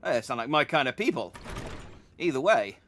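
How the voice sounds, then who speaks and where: A man voicing a gruff, loud sailor who barks coarse orders, reading game dialogue aloud. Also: mid-range voice, very animated, moderate pace, a little hiss or hum. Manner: barking, coarse.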